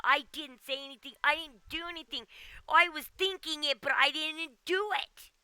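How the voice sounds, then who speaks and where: A woman's voice: high voice, normal speed, bright, forceful tone, no room sound. A woman game streamer ranting casually at home, exasperated and often ending with "okay?". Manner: exasperated, keeps tagging "okay?". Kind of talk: casual livestream rant.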